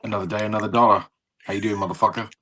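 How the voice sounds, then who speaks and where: A man's voice: lowish voice, steady tone, very fast, sharp tone. A man co-hosting a podcast, bantering playfully and teasing his friend in casual chat. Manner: playful, teasing banter, sing-song greetings. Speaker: podcast co-host.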